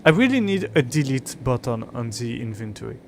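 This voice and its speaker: A man's voice: mid-range voice, very animated, brisk, slight background noise. A young man, an English speaker, chatting frustratedly and swearing on a live game stream. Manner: frustrated, swearing, muttering to himself. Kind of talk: live gameplay stream chat.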